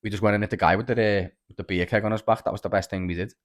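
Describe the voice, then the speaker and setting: A young man with a Liverpool accent hosting a podcast, telling stories in animated, casual chat full of swearing and "lad". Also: on the low side, racing. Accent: Liverpool (Scouse). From Liverpool, England. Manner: animated storyteller, swears freely, lots of "lad" and "like". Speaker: podcast host.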